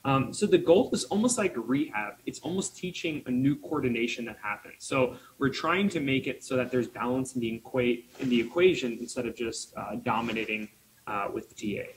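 A man's voice: mid-range voice, brisk, a little hiss or hum, poor audio. A man voice teacher presenting at a conference, joking around while he explains. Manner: jokey and playful, explaining.

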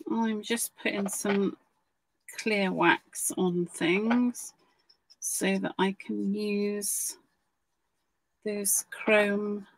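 A woman's voice: medium pitch, flat delivery, extremely slow, long pauses, rough recording. A woman co-hosting a casual crafting stream, chatty and encouraging as she thinks aloud.

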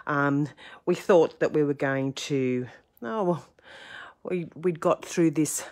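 Croaky low-voiced woman, chatty craft host. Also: takes it slowly, darkish tone. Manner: chatty, rambling, self-deprecating. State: croaky, getting over a cold. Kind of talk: casual craft tutorial.

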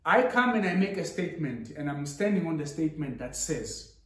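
A man's voice: fairly high pitch, sing-song, fairly quick. A man preaching a sermon with rising emphasis, switching into Zulu now and then. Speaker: pastor. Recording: echoey church hall.

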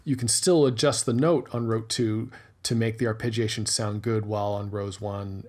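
Man, lowish voice, talking through a music tutorial over his screen, methodical, musing aloud as he works. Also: fairly even intonation, moderate pace, a little mellow. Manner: explanatory, methodical, thinking aloud while working. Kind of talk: screen-recorded tutorial narration.

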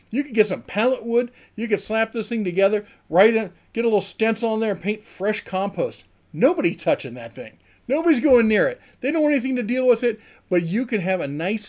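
A man's voice: sits high, a little mellow. A man hosting his own channel, talking casually and enthusiastically in a rambling, chatty way. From Mountain West of the USA. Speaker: channel host. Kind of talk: casual vlog talk to camera.

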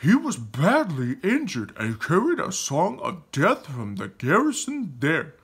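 Storybook chief: man reading a proud, scolding old chief, husky. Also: fairly high pitch, huge pitch swings, unhurried, fairly bright tone, voice pushed up, full character voice. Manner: scolding, dismissive. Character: stern, proud older male tribal chief.

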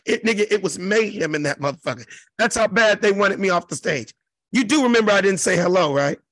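A man's voice: high voice, expressive, a little fast, fairly bright tone, no room sound. A middle-aged man from South Central Los Angeles, a comedian telling a profane, emphatic story as an interview guest. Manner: profane, emphatic, mimics crowd noises. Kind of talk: animated storytelling.

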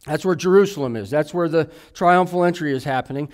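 A man in his thirties preaches from the pulpit and weaves his own story into the sermon. His voice sits a bit higher than most men's, and he tells it candidly, poking fun at himself with the odd joke. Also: a little fast, a little mellow. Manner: candid, self-deprecating storytelling with jokes. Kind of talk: sermon with personal testimony.

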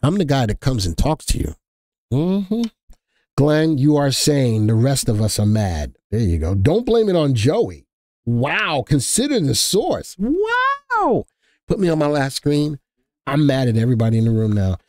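A man in the middle of the usual pitch range hosts a live market update. His talk is loose and colloquial, and he jokes back and forth with the chat. The sound is close and dry, with no room echo. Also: big pitch swings, moderate pace, a little mellow. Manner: chatty, joking with chat, colloquial. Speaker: stock market livestream host. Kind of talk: casual live market commentary.

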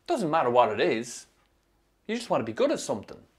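An actor narrating a film as a troubled young Irish man with a Sligo accent, telling his rough youth in a dry, sardonic way. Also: medium pitch, wildly swooping pitch, brisk. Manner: dry, sardonic storytelling with strong swearing. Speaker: narrator, the film's lead. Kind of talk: scripted film voice-over.

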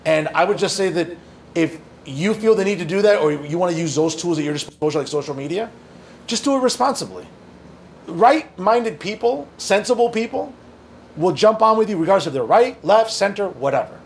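In an audience Q&A, this opinion journalist and guest speaker from northern New Jersey responds earnestly and conversationally, tossing in joking asides. His voice is high with lively intonation and a slightly fast pace, over slight background noise.

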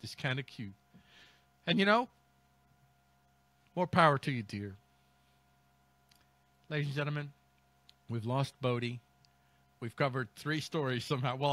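A man's voice: on the high side, animated, a little slow, pauses often, pushed and bright, no room sound. A man hosting a comedy news show, reading stories aloud and mocking them with ad-libbed riffs. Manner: mocking, riffing, reads then ad-libs. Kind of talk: comic commentary on news stories.

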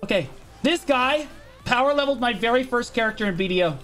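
A man streaming a game, talking casually with lots of swearing, and breaking into exasperated yelling now and then. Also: extremely high pitch, animated, racing, soft background music. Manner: profane, exasperated outbursts and yelling. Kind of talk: livestream gameplay commentary.

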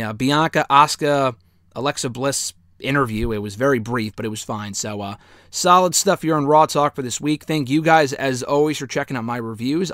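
A man's voice: medium pitch, a bit bright, dry recording, studio quality. A man giving a casual spoken recap and review of a wrestling show, rambling and often correcting himself as he goes. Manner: rambling, self-correcting, chatty.

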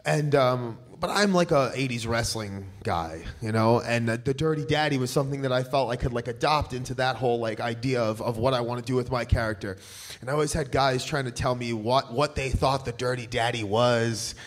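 A man's voice: mid-range voice, fairly quick. A man from Staten Island with a New York accent, a pro wrestler telling stories in casual podcast chat, full of fillers and restarts. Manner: rambling, filler-heavy storytelling. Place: live show venue.

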